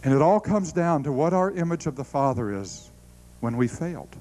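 A middle-aged man delivers a sermon in a slightly high voice. He tells stories with animated energy, breaking into laughs and stumbling over restarts as he goes. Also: normal speed, rough recording. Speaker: preacher.

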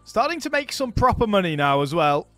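A man hosting a strategy game let's play, chatting casually and thinking aloud, getting excited over his battles. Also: high-pitched, a little fast, no room sound, faint music behind. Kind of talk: casual gameplay commentary.

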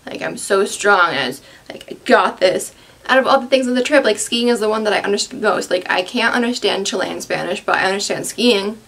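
A woman's voice: mid-range voice, fast talker, creaky, hardly any pauses, a bit bright. A young woman vlogging, telling a story to camera in a sarcastic, self-deprecating and chatty way, full of "like". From United States.

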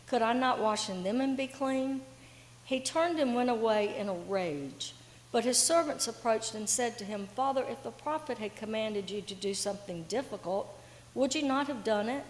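A woman reading a scripture lesson aloud in church, in a measured, formal manner. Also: fairly high pitch. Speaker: lay reader. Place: church sanctuary. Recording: echoey church with faint room ambience.

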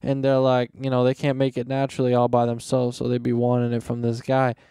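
A man's voice: medium pitch, completely flat delivery, fairly quick, warm tone, smooth, dry recording, clean studio sound. A teenage man hosting a casual solo podcast, rambling and mocking in slangy talk with frequent cursing. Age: teens. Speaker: podcast host. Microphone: close podcast microphone.

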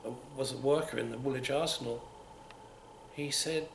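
Gravelly older Londoner reminiscing. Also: male voice, medium pitch, fairly even intonation, moderate pace. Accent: London, between upper-class and Cockney. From England. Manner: rambling, with many restarts and repeats. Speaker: oral history interviewee. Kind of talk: unscripted reminiscing. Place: museum room. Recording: roomy with faint hiss.

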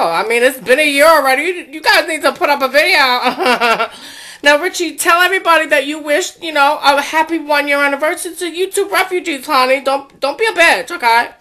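Woman, sassy, teasing, laughs a lot, fairly high voice, comedic sing-off host. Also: bright, forceful tone. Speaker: channel host.

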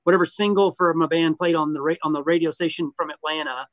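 Male guest, raised pitch, dry close mic, relaxed candid reminiscing. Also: fast, dry recording. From Georgia, US. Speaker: guest musician. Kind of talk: casual interview chat.

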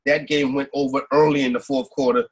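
A man's voice: mid-range voice, level tone, brisk, husky, rough recording. A man co-hosting a sports podcast, talking casually about football betting in a rambling way, often asking "you know what I'm saying". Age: adult with kids. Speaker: podcast co-host.

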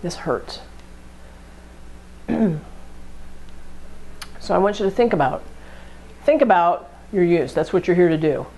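She has a lowish, dark-toned voice with lively intonation and a brisk pace. In this classroom lecture on addiction, the educator keeps things conversational, stepping through everyday scenarios and acting out the thinking behind them.

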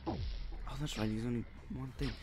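A man's voice: mid-range voice, fairly even intonation, fairly quick, a little mellow. A young man giving casual, profane commentary while playing a video game, muttering to himself and yawning now and then. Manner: swears a lot, frustrated outbursts, mutters to himself. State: sleepy, yawning. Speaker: let's play gamer.

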